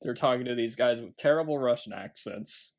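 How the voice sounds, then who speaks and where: A man's voice: medium pitch, fairly quick, darkish tone. A young man co-hosting a podcast, chatting casually about movies and laughing often as he recounts scenes. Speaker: podcast co-host. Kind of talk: casual film review chat.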